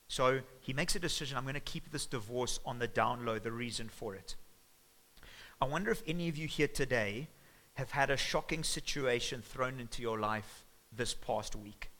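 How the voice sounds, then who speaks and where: A male pastor giving a sermon in a church, with a bright, forward tone. He speaks in a lively, conversational way as he retells the story. His pitch sits mid-range for a man. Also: low-quality recording.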